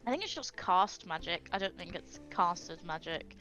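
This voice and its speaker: Giggly woman player, lively pitch. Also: normal speed, highs cut off, soft background music. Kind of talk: casual tabletop chat.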